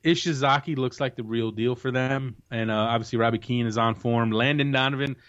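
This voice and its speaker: A man's voice: mid-range voice, steady tone, fairly quick, fairly bright tone. A man hosting a soccer podcast, chatting casually and confidently giving match predictions, often restarting his sentences. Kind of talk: casual sports chat. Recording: dull lo-fi recording.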